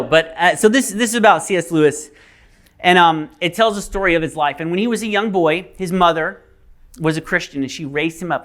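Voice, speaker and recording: A man's voice: a little high, a bit bright. A male pastor giving a sermon, telling a story casually with fillers.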